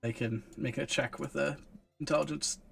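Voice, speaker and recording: A man's voice: medium pitch, fairly even intonation, normal speed, creaky, breathy edge, faint music behind. A man playing a tabletop game, carefully explaining his character's spells and rules with frequent ums. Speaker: player.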